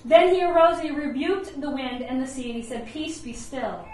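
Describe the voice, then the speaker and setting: Animated woman preaching in an echoey hall. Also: high voice, a little fast, distant mic, a little hiss or hum. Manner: animated, conversational, acts out quotes. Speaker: ministry leader preaching. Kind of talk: sermon.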